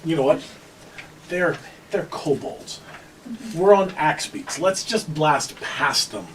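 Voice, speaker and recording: A man's voice: fairly high pitch, animated, takes it slowly, a bit bright, recorded from a distance, slight background noise, poor audio. A man playing a tabletop game, joking and talking casually with the table. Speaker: player.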